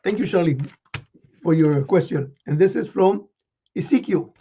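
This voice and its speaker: A man playing Santa Claus, reading children's letters with a folksy chuckle and many pauses. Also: sits high, warm tone, lo-fi sound, a little hiss or hum. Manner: chuckling, folksy, halting with fillers.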